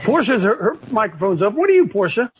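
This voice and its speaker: A man leading a preaching-style group discussion on a video call, addressed as coach, animated and repetitive as he calls on listeners one by one. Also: sits high, quick pace, a little hiss or hum. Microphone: video call microphone. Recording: muffled video call audio.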